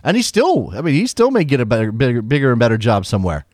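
A man's voice: mid-range voice, wildly swooping pitch, fast talker, a little mellow, no echo, studio quality. An American man co-hosting a casual soccer podcast, talking in a rambling, opinionated way and often restarting his sentences. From United States. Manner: rambling, self-interrupting, opinionated. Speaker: podcast co-host.

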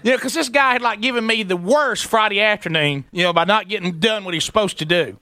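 A man telling a long animated story on a radio show, acting out the voices of the people in it. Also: sits high, fast talker, no echo.

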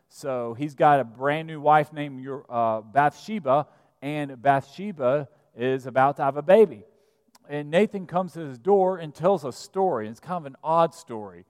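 A man, the pastor, preaching a sermon and retelling a scripture story in a lively storytelling manner. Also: on the high side. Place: church sanctuary. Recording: church sanctuary with long reverb.

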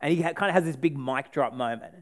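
A man's voice: on the high side, quick pace. A man preaching a sermon in a casual, joking way, acting out the people in the story he retells. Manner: animated, acts out the people in the story.

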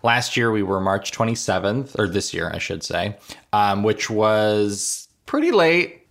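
Wry low-voiced man co-host. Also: sing-song, measured pace, creaky, a bit bright. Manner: wry, laughs between phrases. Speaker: podcast co-host. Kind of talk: casual chat.

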